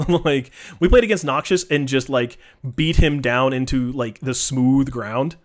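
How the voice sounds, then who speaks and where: A man casually commenting on his live-streamed card game, joking and teasing in an animated way. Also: mid-range voice, measured pace. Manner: animated, joking, trash-talking.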